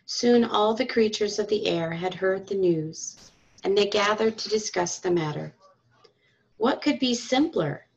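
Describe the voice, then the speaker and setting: Gravelly-voiced woman reading a storybook. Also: mid-range voice, a little slow, a little hiss or hum. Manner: calm, expressive storytelling. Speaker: teacher reading aloud. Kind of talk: storybook read-aloud. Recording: dull lo-fi recording.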